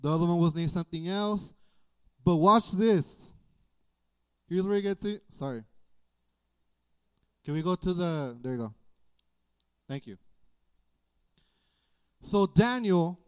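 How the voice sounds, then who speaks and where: A slow, deliberate preacher, a man whose smooth, clear voice sits a touch high for a man. He delivers a folksy, animated sermon full of playful asides. The church audio is dull and lo-fi. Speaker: pastor.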